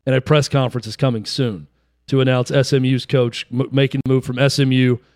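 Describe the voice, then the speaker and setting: A man co-hosting a sports talk show, telling stories in an animated way. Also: mid-range voice, a little fast, dry recording, studio quality. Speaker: sports radio co-host.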